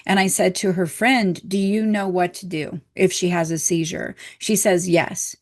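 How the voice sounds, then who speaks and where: A middle-aged woman telling a story from her work as a hypnotherapist and spiritual teacher, with soft laughs between her words. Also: lowish voice, fairly even intonation, moderate pace. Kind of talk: storytelling lesson.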